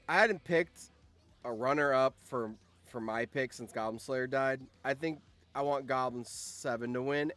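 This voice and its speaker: Reacting casually to a game simulation, this male channel host and streamer moves between quiet, low mutters and excited shouts.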